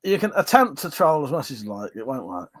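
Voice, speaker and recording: A man's voice: medium pitch, sing-song, brisk, no room sound. Laughing, swearing man reading chat. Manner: chatty and swearing, laughs often, drinking on stream. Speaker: livestream host. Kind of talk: casual chat reading out viewer comments.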